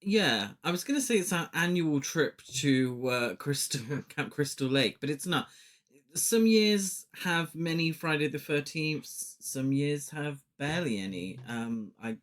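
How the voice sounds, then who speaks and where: A man's voice: fairly high pitch, animated, a little slow, a bit bright. A man co-hosting a film podcast, chatting casually, laughing easily and rambling a little. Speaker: podcast co-host.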